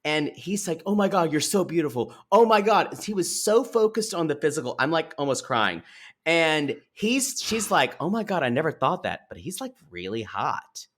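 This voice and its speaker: A man's voice: on the high side, sing-song, normal speed, fairly bright tone. A man co-hosting a podcast, casually retelling a reality show scene by scene and acting out the quotes. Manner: chatty storyteller, acts out quotes, many fillers. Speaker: podcast co-host.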